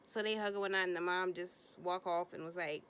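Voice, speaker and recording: A woman's voice: a little fast, slight background noise. Sassy woman recapping reality TV. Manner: animated, acts out quotes in bursts of higher pitch; slangy, blunt, sassy commentary. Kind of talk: casual episode recap.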